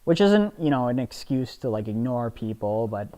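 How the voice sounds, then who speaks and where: A young man, a podcast co-host, chatting casually while gaming, rambling and halting with lots of restarts and fillers, a bit spacey. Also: medium pitch, very animated, dark tone. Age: young adult. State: a little spacey.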